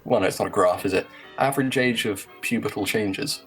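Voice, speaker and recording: A podcast host with an English accent talks at a middling pitch. They read an article aloud with wry asides and keep steering the casual group chat back on track. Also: fairly quick, a bit bright, faint music behind.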